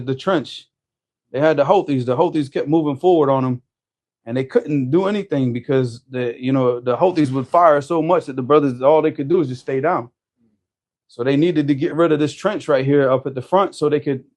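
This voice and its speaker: A man telling a story in casual conversation, animated, often restarting his sentences. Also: a little high, moderate pace. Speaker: storyteller guest.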